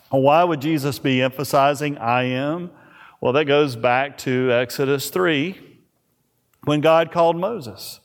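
A man pastor preaching a sermon, slow and emphatic, with dramatic pauses on key words. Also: on the high side. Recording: reverberant church hall.

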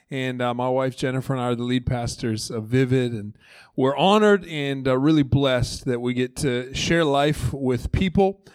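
A man in his thirties with a medium-pitched voice preaches conversationally as lead pastor from a church stage. There's no room sound, and he brings the story to life by animatedly voicing its characters.

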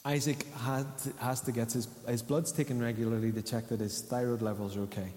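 A man's voice: mid-range voice, steady tone, a little fast, a little mellow. Man, pastor, conversational sermon, long church reverb. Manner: conversational, asks the congregation questions. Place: church hall. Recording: echoey church hall.

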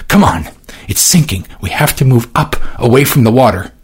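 A man voicing a desperate young woman on a sinking ferry, crying out in high, strained screams. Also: animated, normal speed, breathy edge. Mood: urgent.

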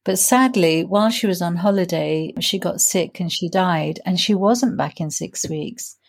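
A woman in her sixties, a grief coach telling her own story in an interview, reflective and earnest, slowing down to stress key points. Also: on the low side, gravelly. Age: 60s. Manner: reflective, earnest, slows down for emphasis.

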